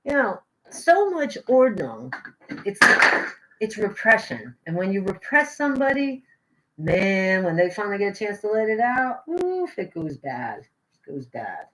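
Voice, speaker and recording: A woman's voice: mid-range voice, wildly swooping pitch, measured pace, a little hiss or hum, rough recording. An American woman in her young adult years, chatting casually with her viewers while she paints at home, rambling and self-mocking. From United States. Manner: rambling, self-mocking, swings between loud bursts and mutters. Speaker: live streamer painting. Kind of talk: casual chat to live chat viewers.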